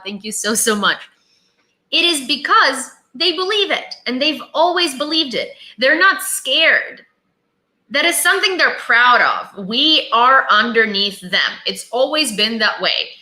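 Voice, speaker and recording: A woman's voice: a little high, pushed and bright, echoey room. A Ukrainian woman in her twenties with a Ukrainian accent, live-streaming impassioned commentary and chatting with viewers. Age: 20s. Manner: impassioned, emphatic, thanks viewers mid-rant.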